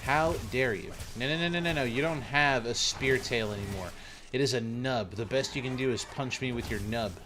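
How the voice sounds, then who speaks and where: A man's voice: normal speed, background noise. Playful rambling male game streamer. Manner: playful, rambling, excitable with sudden high yelps. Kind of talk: casual stream commentary while gaming.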